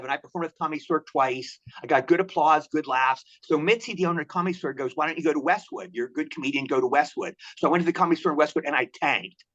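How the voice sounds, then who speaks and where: A man in his sixties rattles off stories at a quick clip, in a slightly high voice. The sound is dull and lo-fi, like a remote call. He restates lines as he goes, animated and anecdotal. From Maryland, USA. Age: 60s. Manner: animated anecdotal storytelling, repeats himself. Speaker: guest. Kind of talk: storytelling interview.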